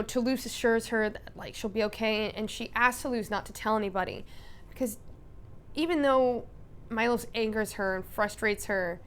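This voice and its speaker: A woman vlogger retelling a live-action role-playing game in casual, animated storytelling. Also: mid-range voice, slight background noise.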